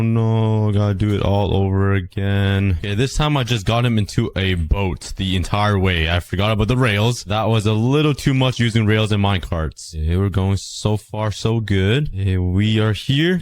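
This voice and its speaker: A man with a sore, hoarse throat giving excitable gameplay commentary, breaking into sudden high yelps. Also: no room sound. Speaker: gaming YouTuber.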